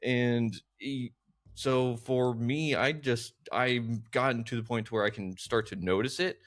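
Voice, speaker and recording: Guy hosting a podcast, thinking out loud, says like a lot, mid pitch. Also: steady tone, a little slow. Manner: reflective, many fillers like 'like'. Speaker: podcast host. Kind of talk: casual interview chat.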